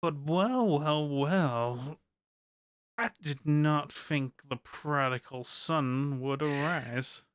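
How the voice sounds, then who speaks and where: A sly, courtly informant with a smooth, clear voice, put on by a man running a tabletop game. Each line comes out formal and politely sarcastic, recorded close and dry with no room sound. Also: a little high, very slow, no echo. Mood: wry. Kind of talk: game master voicing a character.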